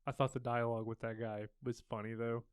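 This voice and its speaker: Smooth-voiced young man, casual podcast chat. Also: medium pitch, fast, dry recording, studio quality. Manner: relaxed, rambling retelling with fillers. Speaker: podcast co-host.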